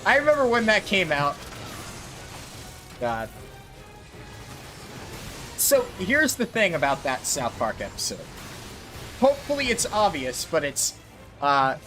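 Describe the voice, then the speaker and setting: A man from New Jersey chatting casually while streaming a video game, relaxed and talkative as he reacts to his chat. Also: high-pitched. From New Jersey, USA.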